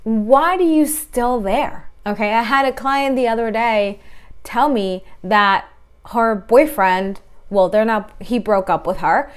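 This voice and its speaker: Woman, relationship coach, higher voice, blunt and emphatic advice. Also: slow, smooth. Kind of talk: direct-to-camera advice talk.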